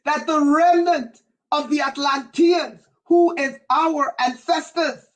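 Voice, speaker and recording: A woman preaching on a livestream as a spiritual teacher, impassioned and often yelling in a repetitive preaching cadence. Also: high-pitched, fairly even intonation, slow pace, low-quality recording. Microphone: livestream setup.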